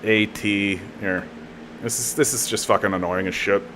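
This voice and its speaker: A man's voice: on the low side, steady tone, moderate pace, background noise. A Canadian man ranting heatedly on a live political stream, swearing a lot, mocking and repeating himself. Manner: profane, heated, mocking, lots of filler and repeats.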